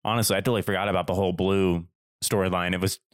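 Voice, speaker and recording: A man's voice: low-pitched, level tone, very fast, clean tone, dry recording, clean studio sound. A man co-hosting a podcast in casual chat, hesitant and agreeable, often restarting his sentences. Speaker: podcast co-host.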